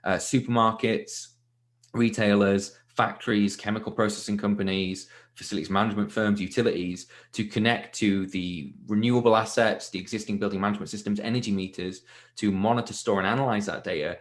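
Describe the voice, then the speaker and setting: A man's voice: fairly low pitch, fairly even intonation, brisk. A man in his twenties from Leeds, a tech founder talking casually as a podcast guest, laughing easily. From Leeds, England. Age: 20s. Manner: casual, many fillers and restarts, laughs easily. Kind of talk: podcast interview.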